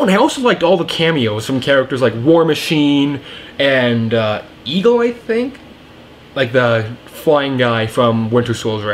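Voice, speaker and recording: A man's voice: medium pitch, a little hiss or hum. A young man giving a casual, rambling film review, enthusiastic and full of fillers and restarts. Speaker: movie reviewer.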